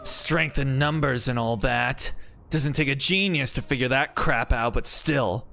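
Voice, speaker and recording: A man voicing a calm adult woman servant from a game, in a breathy, measured voice. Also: mid-range voice, faint music behind. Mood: cool.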